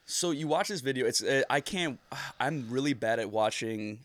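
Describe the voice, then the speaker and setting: A man's voice: mid-range voice, animated, moderate pace, a bit bright, dry recording, studio quality. A man in his thirties co-hosting a podcast, telling stories in a loose, rambling way with laughs and swearing. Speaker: podcast co-host. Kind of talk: casual chat.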